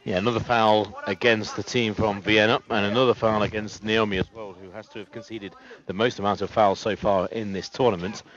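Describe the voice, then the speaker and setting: A man doing live play-by-play sports commentary, steady and detailed, with frequent "uh" fillers. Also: lowish voice, brisk, few pauses. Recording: lo-fi, muffled sound.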